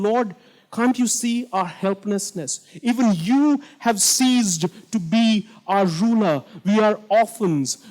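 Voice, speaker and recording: A man with a high voice preaches a sermon with a dramatic delivery. He retells scripture in casual everyday speech and sinks into a hushed voice for the quoted pleas.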